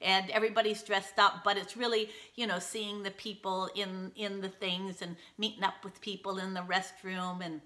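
Bright-voiced woman telling a lively story. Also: medium pitch, normal speed, few pauses. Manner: lively, animated retelling with laughs. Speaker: host. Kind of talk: casual storytelling.

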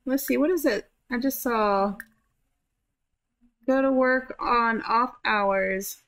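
A woman's voice: on the high side, slow, fairly bright tone. A woman giving casual gameplay commentary, chatting to her characters and swearing offhandedly. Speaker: gameplay streamer.

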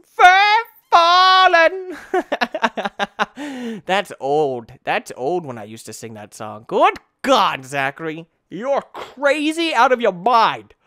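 A young man giving let's-play commentary, tired and yawning, breaking into excited yelps and shouts. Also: on the high side, a little slow, hardly any pauses, dry recording, studio quality. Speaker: gaming YouTuber.

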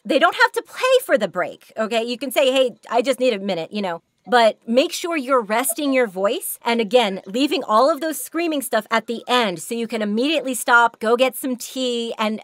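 A hoarse woman giving a chatty workshop talk on voice acting, laughing often as she goes. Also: on the high side, a bit bright, dry recording, studio quality. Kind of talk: workshop presentation.

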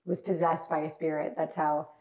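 A woman's voice: sits low, level tone, normal speed, darkish tone. A woman guest on a podcast, telling a personal story in an emotional, earnest way. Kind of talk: personal account in conversation.

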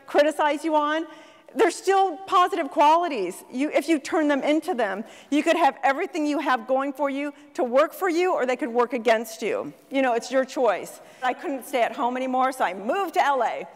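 A middle-aged woman life coach giving a lively motivational talk to an audience, telling stories and asking the crowd questions. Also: high-pitched, moderate pace. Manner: storytelling, animated, asks the audience questions. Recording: long hall reverb from a stage.

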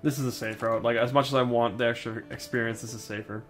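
A man's voice: medium pitch, fairly even intonation, fast talker, fairly bright tone, soft background music. A young man casually commentating a strategy game, brash and joking, swearing freely. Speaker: gameplay commentator. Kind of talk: casual let's-play chat.

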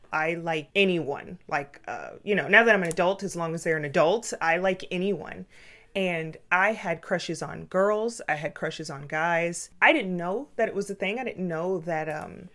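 A young woman with a somewhat low voice, talking softly and reflectively as if late at night. She is candid and casual, drops the odd swear word, and often restarts her sentences mid-thought. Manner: candid and casual, with frequent swearing and self-corrections; soft, reflective delivery. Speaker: vlogger. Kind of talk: late-night confessional storytelling.

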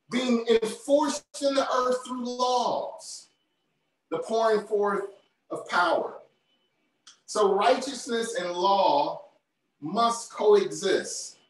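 A male preacher delivers a sermon at an unhurried, deliberate pace, hammering home each point and repeating phrases for weight. He sounds as if picked up from far off in a big, very echoey church hall. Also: high voice. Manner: emphatic, repeats key phrases.

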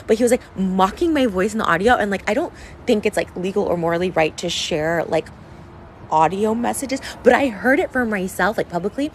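A woman's voice: medium pitch, a little hiss or hum, rough recording. A woman in her thirties talking into her phone in a rambling personal vlog, full of "like" and restarts. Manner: rambling, heavy use of "like", frequent restarts. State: crying. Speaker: TikTok creator.

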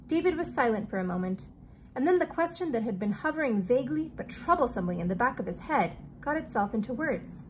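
A woman teacher reading a children's book aloud in a steady storytelling way. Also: a little high, quick pace, a little hiss or hum.

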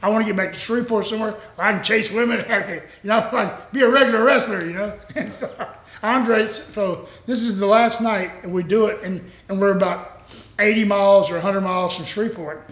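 Older male guest, rambling salty yarns, higher-pitched, echoey room. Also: fairly quick, fairly bright tone. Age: 60s. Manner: rambling, salty, laughs often. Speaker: retired pro wrestler, guest. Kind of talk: casual storytelling.

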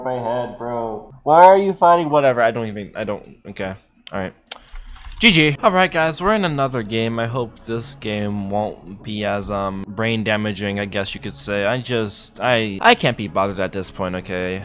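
A man's voice: on the low side, normal speed, fairly bright tone, faint music behind. A young man giving gameplay commentary, exasperated and incredulous, tossing "bro" into most lines. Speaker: gaming YouTuber.

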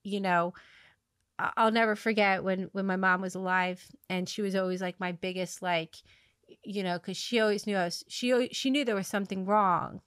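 A woman hosting a podcast, telling a long story in a rambling way, with many fillers and restarts, laughing at her own dark humor. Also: mid-range voice, steady tone, moderate pace, clean tone, no room sound, studio quality. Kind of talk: casual conversational storytelling.

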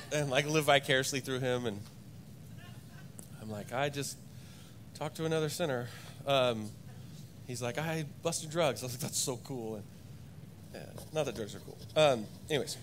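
In a church sanctuary, a young adult male pastor shifts between loud, emphatic preaching and quiet, halting personal stories. His voice is mid-range, with slight background noise.

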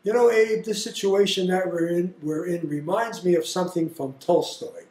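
A man's voice: high-pitched, normal speed, darkish tone, echoey room, pitched above the performer's own voice, close to an everyday voice. A man voicing a showy, condescending middle-aged man who tries to impress with his learning. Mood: pompous. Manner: pompous, trying to impress.

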